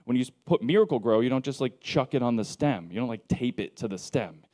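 A man preaching a casual sermon, telling stories in a joking, conversational way with lively asides. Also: mid-range voice, fast, no room sound, clean studio sound. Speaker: pastor.

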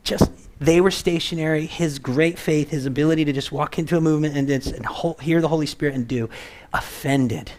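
A man preaching a casual sermon in a conversational, animated way, acting out the voices of people in the stories he tells. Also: fairly high pitch, brisk. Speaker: pastor.

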